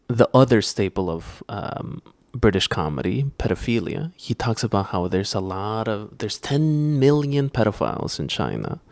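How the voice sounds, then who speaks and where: A man co-hosting a podcast, giving measured, sardonic commentary with frequent pauses on a close mic. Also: fairly low pitch, smooth, dry recording. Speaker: podcast co-host. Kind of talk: casual critical commentary.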